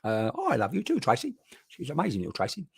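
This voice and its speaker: Bloke medium rambling on a livestream, chatty, keeps restarting, dry boom mic sound. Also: male voice, wildly swooping pitch, fast talker, creaky, breathy edge, no room sound. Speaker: spiritual medium. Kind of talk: live online mediumship session.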